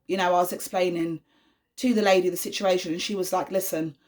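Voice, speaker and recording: A woman's voice: fairly low pitch, steady tone, quick pace, a little mellow. A young woman, talking casually to camera as a vlogging mother, earnest and reassuring with lots of fillers. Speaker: vlogger, mother of an autistic son.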